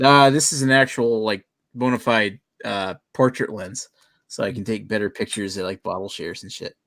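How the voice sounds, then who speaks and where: A man hosting a casual podcast chat, loud and profane, laughing often. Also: fairly low pitch, normal speed, vocal fry, no echo.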